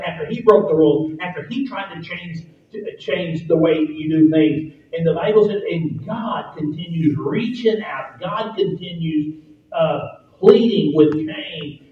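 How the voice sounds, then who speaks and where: Echoey, distant male preacher. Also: fairly high pitch. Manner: emphatic, rising to loud repeated points. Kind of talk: sermon. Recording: echoey, distant, dull sound.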